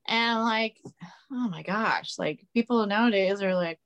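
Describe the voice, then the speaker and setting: A woman's voice: medium pitch, measured pace, a bit bright. A woman guest on a podcast, talking casually, blunt, sarcastic and opinionated.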